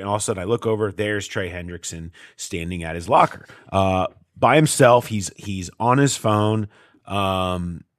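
Low voiced podcast guy rambling about football, laughing at his own story, dry sound. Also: dry recording. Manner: chatty storyteller, lots of fillers, laughs at his own stories. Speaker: sports beat reporter and podcast co-host. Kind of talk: casual sports podcast chat.

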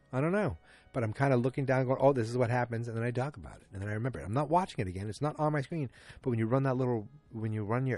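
A man casually recapping a TV episode, rambling and animated, with chatty asides to viewers. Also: mid-range voice, no echo.

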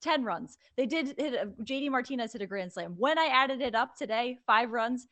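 A woman rants on a sports podcast in a bright, sharp voice. She is exasperated and animated, and her pitch sits a little high. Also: moderate pace. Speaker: podcast co-host. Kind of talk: casual sports podcast chat.

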